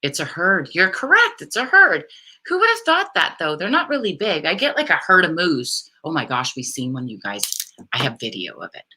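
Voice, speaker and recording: A woman co-hosting a casual live chat, talkative and rambling, quick to laugh. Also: deep voice, big pitch swings, bright, forceful tone, husky. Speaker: co-host of a camping channel live stream.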